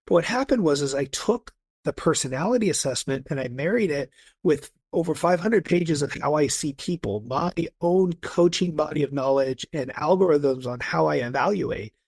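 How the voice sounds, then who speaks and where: A man's voice: fairly high pitch, normal speed, darkish tone, slightly rough, dry recording. A man talking eagerly as a podcast guest, telling stories in a casual, enthusiastic way with frequent restarts. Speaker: guest, personality coach.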